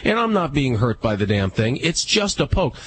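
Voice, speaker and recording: A man co-hosting a radio show, telling stories casually and acting out other people's lines in a higher voice. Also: moderate pace, slightly rough, poor audio. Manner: animated, acts out dialogue in higher voices. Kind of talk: casual storytelling on air.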